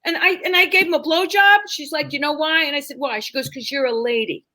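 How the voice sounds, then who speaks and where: Bright-voiced bawdy woman comedian. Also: high voice, quick pace. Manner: bawdy, animated, acts out quoted voices. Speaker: comedian guest. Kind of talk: casual storytelling chat.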